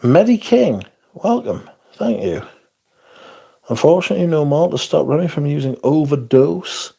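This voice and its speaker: Husky, lively man ranting casually. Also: a little high, moderate pace. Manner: blunt, profane and sarcastic. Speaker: livestream host. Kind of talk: casual livestream chat reading comments.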